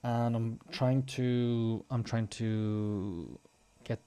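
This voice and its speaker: A man with a mellow, warm, relaxed voice hosts a casual English lesson. He walks through everyday phrases patiently and repeats each example with marked intonation. His voice sits at an ordinary middle pitch. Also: very slow, clear, resonant tone. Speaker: English teacher; podcast host.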